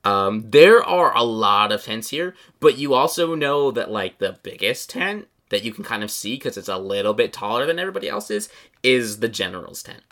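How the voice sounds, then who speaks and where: A man's voice: medium pitch, sing-song, moderate pace, fairly bright tone. A man narrating as game master in a tabletop game, describing scenes in a loose, rambling way.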